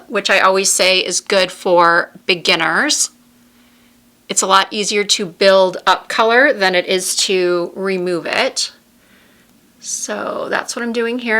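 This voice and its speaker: Bright-voiced chatty woman beauty vlogger. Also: mid-range voice. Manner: chatty, giggly at times, narrates each step. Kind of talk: casual makeup tutorial chat. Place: home room with a window.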